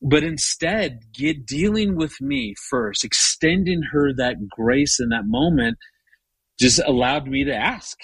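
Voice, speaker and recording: A husky-voiced man in his fifties talks as a guest in an interview. He tells personal stories in a casual, conversational way, often doubling up on words as he goes. His voice is mid-pitched and sounds dry and close. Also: lively intonation, slow pace, a bit bright, no echo, rough recording. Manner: repeats words often while telling stories. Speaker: guest, marriage author. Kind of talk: conversational storytelling.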